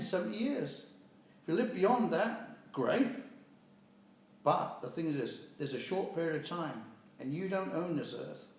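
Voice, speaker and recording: A man's voice: sits high, a little mellow. An older man from the UK delivering a preachy, scolding monologue in blunt, impassioned words. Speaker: speaker giving a personal message. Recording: very echoey room.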